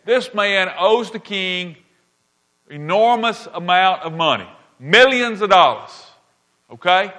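Man, sermon, high voice, emphatic, repeats key lines, checks in with listeners. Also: animated, takes it slowly, sharp tone. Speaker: pastor.

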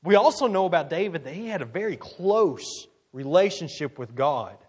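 A man preaching a sermon, reading scripture slowly and deliberately with strong emphasis. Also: fairly high pitch, expressive, darkish tone, husky. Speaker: pastor.

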